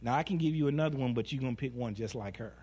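A man voicing God as a calm, patient, plainspoken father figure who gently teases and corrects. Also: medium pitch, rapid-fire, husky, voice pushed down, lightly acted. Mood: firm.

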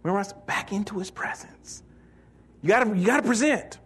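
A male pastor preaching a sermon in an animated, joking way, reading scripture and acting out the voices of doubters. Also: high voice, brisk, slightly rough.

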